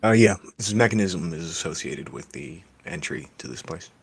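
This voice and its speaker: A man's voice: sits low, expressive, moderate pace, creaky, husky, dry recording, faint music behind. A man playing a tabletop game, speaking casually and making dry, sarcastic remarks. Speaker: player.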